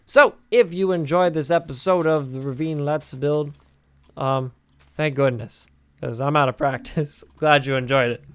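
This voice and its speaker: Tired, chatty young gamer with a dry mic. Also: male voice, on the high side, steady tone, a little slow, a bit bright, dry recording. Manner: rambling and chatty, with filler words and restarts. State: tired and sleepy. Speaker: gaming channel host. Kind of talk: casual game commentary while building.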